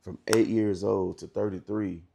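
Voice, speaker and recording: Gravelly deep-voiced man telling his story. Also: steady tone, warm tone. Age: 30s. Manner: halting, restarts often, slangy and profane. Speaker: interview guest. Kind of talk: candid storytelling interview.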